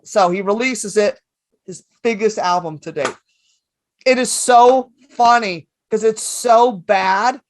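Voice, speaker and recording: A woman comedian guesting on a podcast, telling stories in an animated, rambling, profane way. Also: medium pitch, takes it slowly, no room sound. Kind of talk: casual podcast storytelling.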